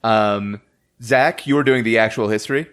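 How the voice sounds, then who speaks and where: A man's voice: on the low side, a bit bright, clear, resonant tone. A man hosting a podcast who laughs a lot and hesitates with frequent ums while he runs the episode. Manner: laughs often, slow, hesitant delivery with many ums. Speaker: podcast host. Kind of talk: casual podcast chat.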